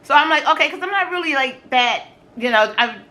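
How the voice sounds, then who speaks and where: High, bright-voiced woman vlogger. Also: a little fast. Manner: animated, slangy, exclaiming and quoting herself. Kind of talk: casual storytelling during a food challenge.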